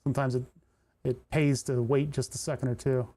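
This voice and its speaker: A man's voice: medium pitch, flat delivery, fairly quick, dark tone. A man streaming live while soldering, explaining each step and muttering with frustration as he searches for parts. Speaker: streamer building electronics kits. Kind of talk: casual livestream commentary while soldering.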